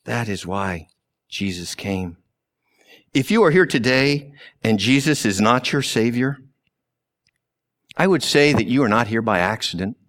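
A man preaching a sermon slowly and deliberately, with long pauses and sudden drops to a hush. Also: mid-range voice, animated. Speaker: pastor.

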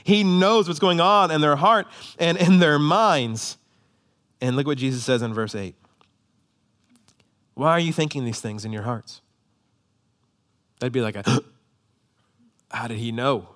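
A man preaching a sermon, moving between hushed, slow passages and emphatic ones, often repeating words as he restarts. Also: mid-range voice. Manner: dynamic, shifts between hushed and emphatic delivery; frequent quick repetitions and restarts. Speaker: pastor.

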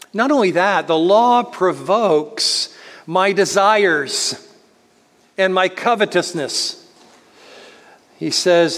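A man preaching a sermon in an earnest way, slowing down to stress key words. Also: fairly high pitch. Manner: earnest preaching, slows to stress words, speeds up voicing others. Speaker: pastor. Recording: long hall reverb.

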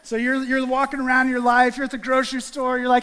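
A man preaching a sermon and acting out a lively illustration with volunteers on stage, calling out playful greetings. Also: very high-pitched, fast, few pauses, smooth, big-room sound. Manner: animated, acts out greetings with volunteers. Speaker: guest preacher. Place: church sanctuary.

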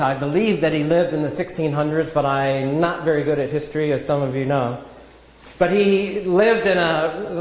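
A man preaching a sermon in a measured, earnest teaching manner, with self-deprecating asides. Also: on the high side. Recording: echoey hall with long reverb.

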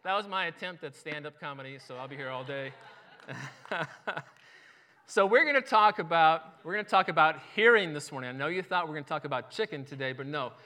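A man's voice: a little high, brisk. A man in his fifties giving a sermon, opening with a joke and telling stories with self-deprecating humor. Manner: relaxed storytelling, self-deprecating humor, chuckles often.

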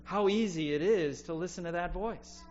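A man preaching a sermon in an earnest, reflective way, often dropping quiet to make a point. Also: high-pitched, moderate pace, faint music behind. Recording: dull lo-fi sound with faint hum.

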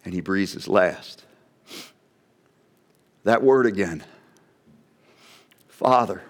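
A man's voice: low voice, drawn-out words. A man preaching a sermon, dramatically voicing an onlooker's wondering questions. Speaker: pastor.

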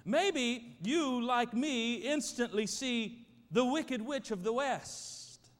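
A male pastor with a high voice preaches a sermon slowly in a church sanctuary, where the hall is reverberant. He sounds emphatic and prayerful, calling for responses from the congregation.

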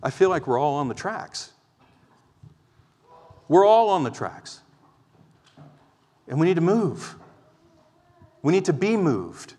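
Man, preacher, high voice, impassioned, pleading, sermon in a church with long reverb. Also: very animated, slow, pauses often. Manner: impassioned, pleading, swings from loud exhortation to quiet explanation. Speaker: pastor.

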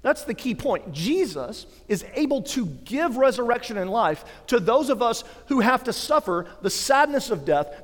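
Casting: male pastor in his thirties, high and bright voice, emphatic preaching, long church-hall reverb. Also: very animated, moderate pace, hardly any pauses. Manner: emphatic preaching, swelling to forceful declarations. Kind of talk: sermon.

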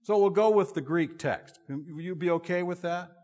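A middle-aged male pastor preaching a sermon in an expressive, conversational and self-deprecating way. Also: high-pitched, normal speed. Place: church sanctuary. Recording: long reverb of a large hall.

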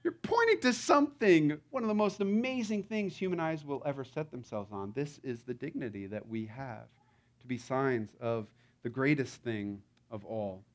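A man's voice: medium pitch, normal speed. A man preaching a sermon in a conversational, playful way, often acting out the lines he quotes. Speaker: pastor.

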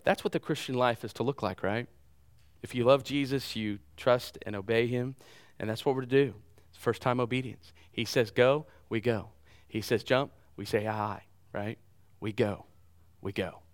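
A middle-aged man preaching a sermon as pastor, animated, with loud bursts and repeated words. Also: mid-range voice.

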